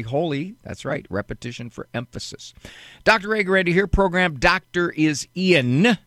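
Gravelly, animated man hosting radio. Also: medium pitch, no echo, studio quality. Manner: playful, joking, shows off big words for laughs. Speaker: call-in radio host. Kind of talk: live radio call-in show talk. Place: radio studio.

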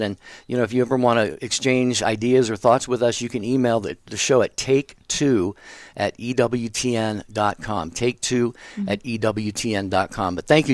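A man's voice: medium pitch, no echo. A middle-aged man co-hosting a call-in talk show, earnest and full of "you know" fillers. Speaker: co-host. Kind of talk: casual radio talk show.

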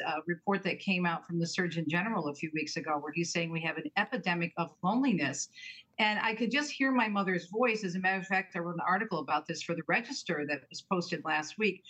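A woman's voice: lowish voice, a bit bright, low-quality recording. A woman guest in an interview, talking about her book in an earnest, emphatic way. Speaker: guest author and talk show host. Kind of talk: interview conversation.

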